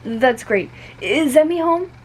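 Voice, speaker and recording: A woman's voice: sits high, animated, slow pace, slight background noise, voice pushed up, rough recording. Johnny: woman voicing a scheming storybook schoolboy, eager, a bit sneaky.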